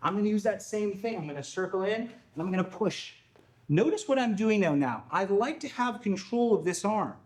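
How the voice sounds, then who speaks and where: Man, fairly high voice, calm instructor, step-by-step demo, checks in often. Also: fairly quick. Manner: calm, step-by-step explaining, frequent "okay?" check-ins. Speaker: self-defense instructor. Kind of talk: demonstration lesson.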